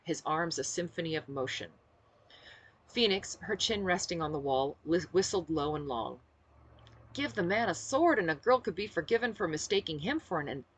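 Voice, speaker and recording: Woman reading her novel expressively. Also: sits low. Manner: expressive, animated narration.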